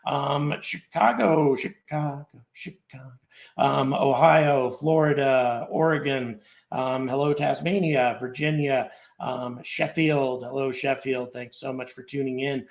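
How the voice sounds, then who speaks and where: A middle-aged man with a gravelly, medium-pitched voice hosts a live stream, speaking unhurriedly with fairly even intonation. He thanks viewers and reads out where they're checking in from, rambling gratefully with many fillers.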